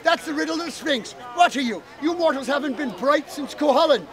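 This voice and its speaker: Storybook fairy woman with a put-on lilt, scornful and brassy, pitched low for a high voice, as a storyteller plays her. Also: expressive, brisk, a bit bright, some chatter behind, exaggerated voice. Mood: impatient. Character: bossy female Irish fairy, sharp-tongued know-it-all.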